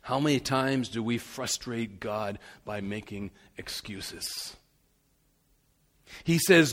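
A man's voice: mid-range voice, takes it slowly. A male pastor preaching an earnest sermon that rises to emphatic declarations, in a church sanctuary. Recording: long hall reverb.

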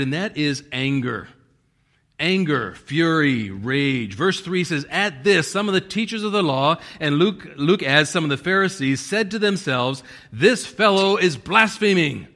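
A man's voice: on the high side, fairly bright tone. A male pastor preaching a sermon, reading scripture with strong emphasis and chuckling now and then.

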